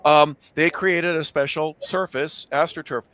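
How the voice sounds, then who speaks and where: A man's voice: a little high, fairly even intonation, a little slow, a bit bright, no room sound. A man hosting a sports radio interview, eagerly jumping in with background facts. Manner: eager, jumps in with trivia. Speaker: host.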